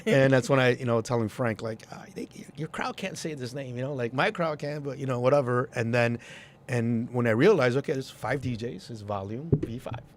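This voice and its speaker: A man's voice: mid-range voice, brisk, a little hiss or hum. A man, a club promoter and DJ, telling stories in a casual interview and acting out quoted voices. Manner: animated, acts out quoted voices.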